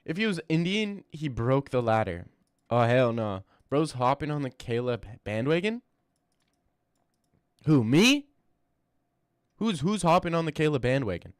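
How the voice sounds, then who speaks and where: A man's voice: mid-range voice, very animated, a little slow, pauses often, clear, resonant tone, no room sound, studio quality. Young man bantering with his chat. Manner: joking, stammering, banter with chat. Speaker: streamer reacting to fight news and chat. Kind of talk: casual live-stream chat.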